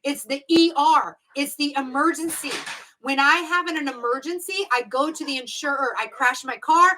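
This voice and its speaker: A woman's voice: high voice, moderate pace, a crowd in the background, rough recording. A woman exam prep instructor teaching a live-streamed review lesson, stressing key words and repeating them to drill the point. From United States.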